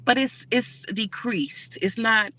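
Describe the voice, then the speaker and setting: A woman, hosting a casual livestream and answering viewer comments in a soft, conversational way. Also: on the high side, slow pace. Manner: reads out comments and answers them warmly, with fillers. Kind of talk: casual emotional livestream chat.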